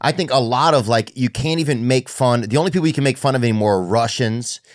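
A man's voice: mid-range voice, fast talker, dry recording, studio quality. A man hosting a podcast in a laid-back, rambling way, laughing along with his guest. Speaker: podcast host. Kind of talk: casual podcast chat.

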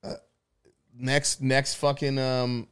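A man's voice: mid-range voice, level tone, slow pace, a bit bright, clean tone. A young man co-hosting a podcast, rambling with crude jokes and frequent swearing. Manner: rambling, profane, jokey. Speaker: podcast co-host. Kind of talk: casual chat.

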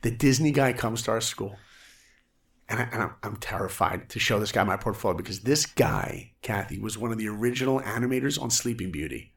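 Gravelly man telling a story with gusto. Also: lowish voice, animated, fairly quick, fairly bright tone. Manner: acts out quoted people with shifting voices. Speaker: guest. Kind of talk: animated storytelling in a podcast interview.

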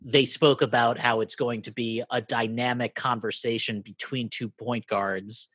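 A man's voice: medium pitch, steady tone, unhurried, a bit bright, slightly rough, dry recording. A man from Brooklyn co-hosting a casual podcast, thinking aloud and hedging with "like". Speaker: podcast co-host. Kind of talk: casual chat.

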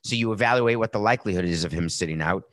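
A man's voice: low voice, rapid-fire, fairly bright tone, no echo. A middle-aged man hosting a sports talk show, giving a brash, sarcastic monologue with a tired, sore voice. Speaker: podcast host.

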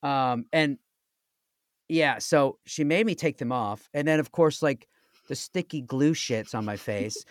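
A man's voice: medium pitch, a little slow, no echo, clean studio sound. A young man, an actor, telling a story casually and acting out the quoted lines. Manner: animated, acts out quoted lines.

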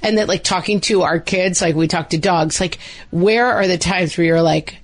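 A woman's voice: lowish voice, normal speed. A middle-aged woman co-hosting a podcast, talking casually with many "like" fillers and acting out quoted dialogue. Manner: chatty, lots of "like" fillers, acts out quoted dialogue. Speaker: podcast co-host. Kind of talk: casual chat.

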